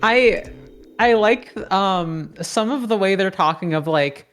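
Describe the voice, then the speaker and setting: Slow, halting podcast woman. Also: medium pitch, animated, faint music behind. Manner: halting, musing, casual swearing. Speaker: podcast co-host. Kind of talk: let's-play podcast chat.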